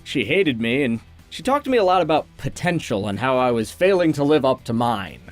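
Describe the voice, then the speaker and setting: A man's voice: mid-range voice, brisk, faint music behind. A man co-hosting a casual chat, reading out fan questions and answering them loosely. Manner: relaxed, reads out fan questions. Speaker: co-host.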